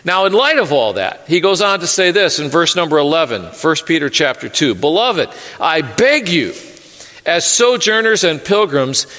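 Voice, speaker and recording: A man's voice: fairly high pitch, fairly bright tone. A male pastor preaching an earnest sermon with light humor, often stumbling and repeating words. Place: church sanctuary. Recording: echoey sanctuary reverb.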